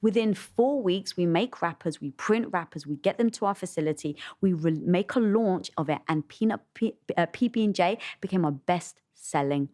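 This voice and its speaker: A woman's voice: on the low side, moderate pace, few pauses. A British woman, a podcast guest, telling stories with emphatic delivery and acted-out quotes. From Britain. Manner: lively, acts out quoted voices, emphatic. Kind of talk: storytelling in a conversational interview.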